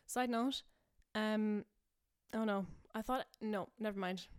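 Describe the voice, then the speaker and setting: A woman's voice: mid-range voice, steady tone, takes it slowly, smooth. A young woman hosting a podcast, rambling casually through a made-up story, full of fillers and self-amused asides. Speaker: podcast host.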